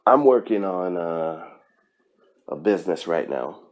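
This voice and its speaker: A man's voice: low-pitched, lively intonation, measured pace. A man hosting his own podcast, talking earnestly and emphatically about his goals, with frequent fillers and restarts. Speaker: podcast host. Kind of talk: solo motivational podcast talk.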